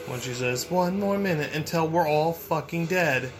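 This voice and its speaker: A man giving profane, excitable let's play commentary, muttering to himself and yelling when he panics. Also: fairly high pitch, moderate pace, over music. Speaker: gameplay streamer.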